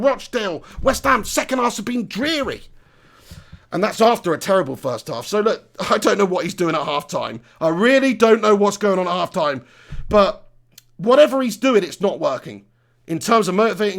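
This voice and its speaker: A young man rants through a live football reaction stream. His voice sits high and has a gravelly edge. He swears freely and piles up rhetorical questions. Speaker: football fan channel host. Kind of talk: live match reaction rant.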